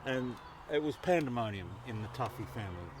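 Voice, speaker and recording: Aussie guy telling a story live out in the woods, lively, swears a lot, faint background noise. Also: medium pitch, moderate pace. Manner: animated, swearing, with laughs. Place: outdoors in a forest, before a live audience.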